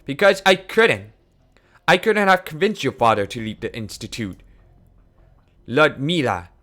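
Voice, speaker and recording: A man playing an aging scientist mentor in a game, calm and heavy with regret. He talks quietly and deliberately, with a lively rise and fall. The voice keeps a bright, sharp tone. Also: medium pitch. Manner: quiet, measured, somber. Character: older male scientist mentor, calm and sorrowful. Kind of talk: reading game dialogue aloud.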